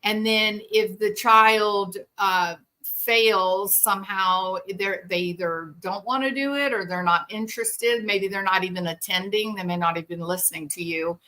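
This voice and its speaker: A woman hosting a talk show, explaining things casually and acting out parents and children in quick quoted voices. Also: medium pitch, pushed and bright. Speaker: podcast host. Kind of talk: explanatory commentary.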